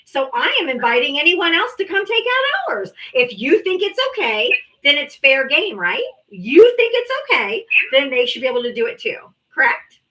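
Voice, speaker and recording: Combative bright-voiced woman debate host. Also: high-pitched, big pitch swings, normal speed, hardly any pauses. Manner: combative, talks over others, mocking. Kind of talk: heated political debate livestream.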